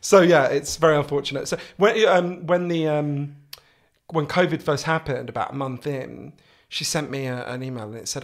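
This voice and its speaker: Posh English man, lively and profane, with a somewhat high voice; a podcast guest. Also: moderate pace. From England. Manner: animated, swearing storyteller. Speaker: author and guest. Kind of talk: casual podcast conversation.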